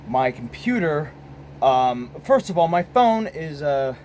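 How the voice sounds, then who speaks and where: A man's voice: on the high side, very animated, takes it slowly, darkish tone, a little hiss or hum, rough recording. An American man hosting his own casual vlog, rambling and profane, filmed on a phone. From United States. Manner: rambling, profane, many restarts. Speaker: host.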